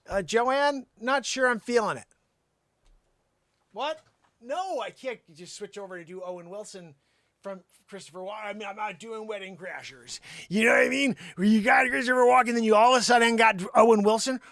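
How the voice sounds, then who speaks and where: A man's voice: sits high, moderate pace, a bit bright, no echo, clean studio sound. A man hosting a call-in comedy livestream, rambling and teasing an off-screen helper. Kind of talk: joking livestream banter.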